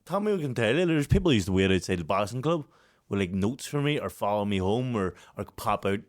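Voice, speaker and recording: A man's voice: fairly low pitch, fairly quick. A Northern Irish man in his thirties, a podcast co-host telling a story in casual chat, swearing a lot and breaking into laughter. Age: 30s. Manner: profane, animated, laughs often while telling a story.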